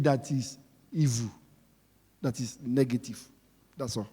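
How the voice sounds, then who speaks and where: A man preaching a sermon, emphatic and repetitive, swinging between shouting and quiet talk. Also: mid-range voice, fairly even intonation, unhurried, long pauses, husky, big-room sound.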